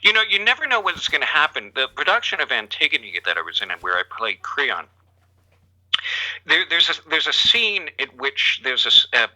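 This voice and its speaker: A man's voice: on the high side, huge pitch swings, normal speed, pushed and bright, poor audio. A man, a guest on a podcast, telling reflective anecdotes in casual chat. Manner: reflective anecdotes about acting in theater.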